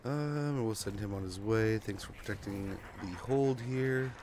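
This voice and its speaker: A man's voice: lowish voice, unhurried, noisy background. A man streaming a strategy game, chatting casually and rambling to his viewers, sounding sleepy. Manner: chatty and rambling, talking to chat while playing. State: drowsy. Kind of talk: casual gameplay commentary.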